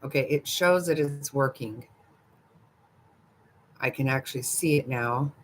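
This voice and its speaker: An older woman talks to her livestream viewers in an easy, drawn-out way, taking her time between thoughts. She is gossipy and quick to giggle, and she answers the chat as if among friends. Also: very deep voice, slight background noise. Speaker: livestream host. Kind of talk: casual live chat with viewers.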